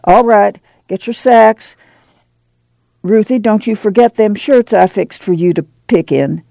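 A man's voice: sits high, gravelly, dark tone, no room sound, clean studio sound, voice pushed up. Ma, a man doing a firm mother. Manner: firm, brisk, commanding. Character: tired, determined farm mother, middle-aged.

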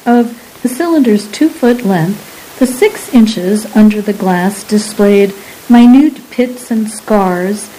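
Mellow-voiced woman narrating a story. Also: mid-range voice, slow pace, a little hiss or hum, low-quality recording. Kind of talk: audiobook narration.

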